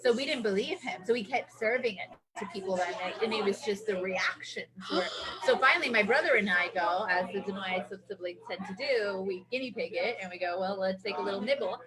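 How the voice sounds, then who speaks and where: Animated woman owner telling a story. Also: medium pitch, brisk, rough recording. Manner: animated storyteller, acts out quotes. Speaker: restaurant owner. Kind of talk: casual storytelling interview. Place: busy restaurant. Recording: restaurant crowd chatter behind. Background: restaurant crowd.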